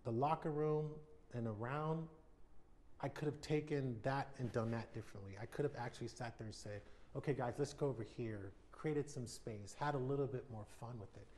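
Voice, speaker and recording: A man's voice: medium pitch, moderate pace, darkish tone. An American man in his fifties, a guest in a sit-down TV interview, speaking candidly and reflectively. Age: 50s. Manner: candid, reflective, acts out quoted voices. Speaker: interview guest, retired baseball player.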